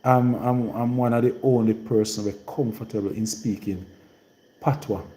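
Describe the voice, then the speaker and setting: A man's voice: mid-range voice, steady tone, moderate pace, mellow, echoey room, poor audio. A man from Jamaica speaking in a rural Trelawny patois accent, rambling and repeating himself in a casual live-stream monologue. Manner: rambling and repetitive, in heavy patois.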